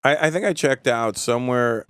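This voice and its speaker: A man guesting on a talk show, chatting casually and telling profane, animated anecdotes. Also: medium pitch, normal speed, clear, resonant tone, no room sound, studio quality. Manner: profane, storytelling, lively delivery. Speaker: comedian guest. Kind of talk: casual podcast chat.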